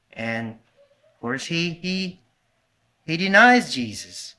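A man's voice: high voice, animated, slow pace, long pauses, bright, forceful tone. A man preaching a sermon, earnestly putting questions to his congregation and sometimes stopping to correct himself. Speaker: pastor.

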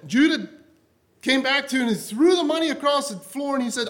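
A man preaching a sermon to a congregation, impassioned and repetitive, often dropping to a soft, low voice. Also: animated, a little fast.

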